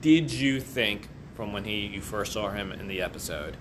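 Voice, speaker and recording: A man co-hosting a podcast in casual chat, playful and animated, acting out characters with silly voices. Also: on the low side, moderate pace, background noise. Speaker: podcast co-host.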